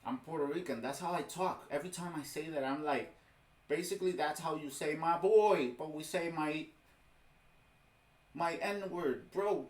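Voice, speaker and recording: A man's voice: on the high side, normal speed. Heated man ranting in a roomy echo. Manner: heated, exasperated, keeps saying "bro". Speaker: reaction video host. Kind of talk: ranting commentary over a clip.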